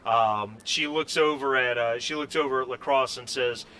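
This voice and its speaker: A man narrates a tabletop game as game master, pausing and restarting as he describes the scene. His tone is bright and forward. A faint hiss runs underneath. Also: medium pitch. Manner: halting, full of fillers and restarts.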